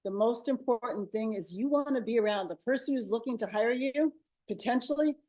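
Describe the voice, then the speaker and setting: A woman's voice: fairly high pitch, a little fast, mellow. A woman co-hosting a webinar, giving upbeat interview coaching over a video call with a clip-on mic. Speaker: co-host, media coach. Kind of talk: webinar advice talk. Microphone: lavalier on a video call.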